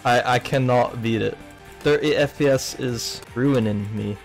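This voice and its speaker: Excitable young man streaming a game. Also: medium pitch, a little slow. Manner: excitable, yelps and laughs while playing. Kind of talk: casual gaming stream chat. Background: game music.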